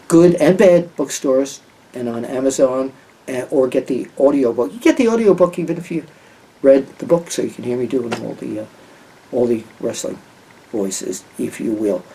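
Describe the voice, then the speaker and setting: A man's voice: fairly high pitch, gravelly, dark tone, a little hiss or hum. Older man rambling from a distance. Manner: rambling, with many fillers and restarts. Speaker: wrestling journalist giving match picks. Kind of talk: casual talk to camera.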